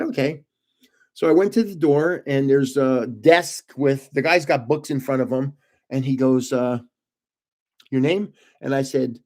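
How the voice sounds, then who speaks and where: A man's voice: medium pitch, a little mellow. An older man hosting his own channel, telling rambling backstage anecdotes in a casual, chatty way and chuckling at his own jokes. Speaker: channel host. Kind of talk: casual storytelling.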